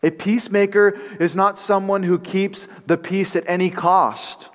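A man preaching in a church, his voice fairly high for a man. He moves between calm teaching and casual storytelling, loose with fillers. A long reverb from the hall trails each phrase. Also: unhurried. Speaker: pastor. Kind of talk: sermon.

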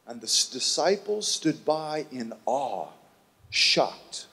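A man preaching a sermon, telling a Bible story in an animated way and acting out the voices of its people. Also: medium pitch, slow pace, husky, long reverb tail. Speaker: pastor.

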